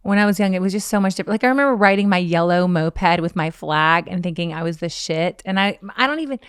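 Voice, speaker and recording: A woman in her forties chatting casually as a podcast guest, telling animated stories and acting out what others said. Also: lowish voice, quick pace, clean tone, dry recording, studio quality. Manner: animated storytelling, acting out quotes. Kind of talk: casual chat.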